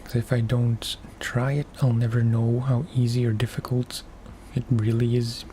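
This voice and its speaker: A man streaming a game for relaxation, talking softly in unhurried, musing asides. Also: medium pitch, flat delivery, slight background noise. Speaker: gaming ASMR streamer. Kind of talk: soft-spoken gameplay commentary.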